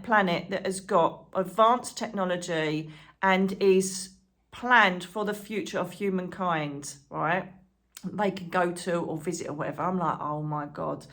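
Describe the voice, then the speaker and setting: A woman chatting to camera as a channel host, excitable and rambling, full of asides and fillers. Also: medium pitch. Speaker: psychic medium and channel host. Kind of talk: casual chat to camera.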